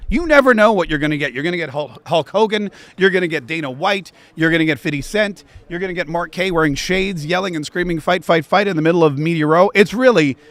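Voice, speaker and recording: A man hosting a political talk show from a convention media row, talking with animated energy. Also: fairly high pitch, quick pace, few pauses, dry recording. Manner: animated, breaks into chanted rap rhymes.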